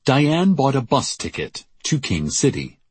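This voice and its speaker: Low raspy guy reading a story out loud, deadpan, super dry sound. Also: a little slow, dry recording. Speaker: narrator. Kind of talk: audiobook narration.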